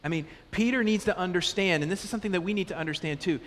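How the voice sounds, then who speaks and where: A man preaching a sermon as pastor, conversational and animated, asking the congregation question after question. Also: sits high, very fast, few pauses. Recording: long reverb of a large hall.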